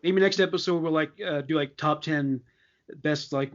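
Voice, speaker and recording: Male podcast co-host, slightly high voice, hesitant casual delivery, lo-fi audio. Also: normal speed. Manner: hesitant, many fillers and restarts. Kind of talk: casual fan chat.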